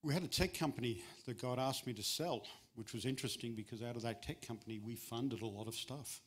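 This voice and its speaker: A middle-aged man delivering a sermon as a guest speaker. He keeps it conversational and joking, and his pitch leaps high whenever he stresses a point. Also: brisk, slightly rough. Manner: conversational and humorous, with lively jumps in pitch for emphasis.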